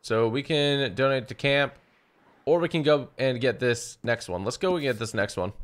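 A young man giving chatty, excitable commentary while he plays a video game, often talking to his horse. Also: mid-range voice, moderate pace. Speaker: gaming YouTuber. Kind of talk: let's play commentary.

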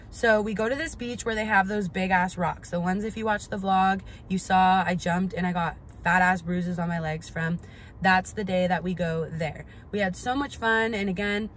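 A woman's voice: medium pitch, a little hiss or hum. A young woman vlogger telling a storytime in casual, profane speech, full of "like". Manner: profane, animated, lots of "like".

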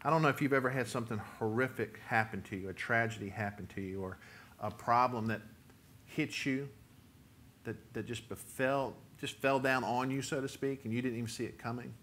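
A man preaching a sermon, reading scripture and breaking into emphatic, near-shouted lines as he voices the prophet's complaint. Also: medium pitch, a little fast, slight background noise. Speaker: pastor.

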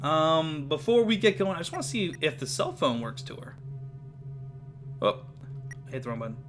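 A man's voice: fairly high pitch, sing-song, moderate pace, over music. A man giving chatty let's play commentary, reacting aloud as he plays. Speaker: gamer.

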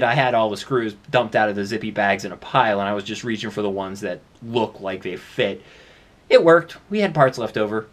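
A man vlogging in a rambling, chatty way, holding the camera and talking into its built-in mic. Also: medium pitch. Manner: rambling and chatty, with many "uh" and "I mean" asides. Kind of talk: casual solo vlog. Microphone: handheld camera's built-in mic.

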